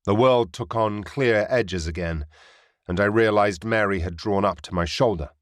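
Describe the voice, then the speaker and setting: Male audiobook narrator, measured, close mic, dry studio sound. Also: fairly low pitch, no echo. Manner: measured, descriptive reading.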